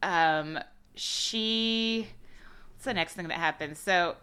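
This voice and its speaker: A woman co-hosts a podcast, chatting casually and sarcastically about a movie and laughing often. Her fairly low voice is slow, pushed and bright, with a clear, resonant tone.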